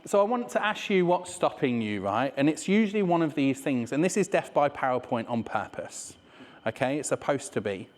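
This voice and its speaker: A man's voice: mid-range voice, sing-song, moderate pace. A man with a Leicester accent speaks to a room of people in an easy, joking way, dropping swear words and tag questions. His voice sits in the middle range and carries the long tail of a reverberant hall. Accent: Leicester English. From England. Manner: chatty and swearing, with many "right?" asides. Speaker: speaker giving a business talk. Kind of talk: live presentation to an audience. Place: room with an audience.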